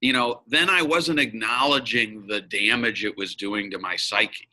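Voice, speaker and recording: A man's voice: lowish voice, a little slow, bright, forceful tone, poor audio. A man speaking as an interview guest, a business coach and facilitator who talks frankly and emphatically and swears now and then. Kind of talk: candid interview conversation.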